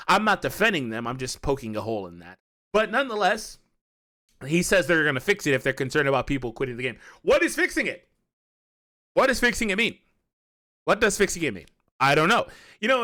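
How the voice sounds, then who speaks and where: A man giving animated opinion commentary on a mobile game, arguing his point with many repeats and asides. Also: a little high. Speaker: gaming youtuber.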